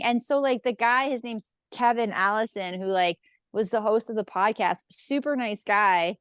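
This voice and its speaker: Animated woman telling comic stories. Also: a little high, normal speed, smooth, no room sound. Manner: animated, swears, acts out quoted voices. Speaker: guest, stand-up comedian. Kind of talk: casual storytelling interview.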